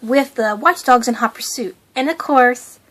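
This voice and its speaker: A young woman talks about a cartoon in a casual, gushing voice that keeps breaking into giggles. Her voice sits a little high. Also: unhurried, a bit bright. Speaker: fan channel host.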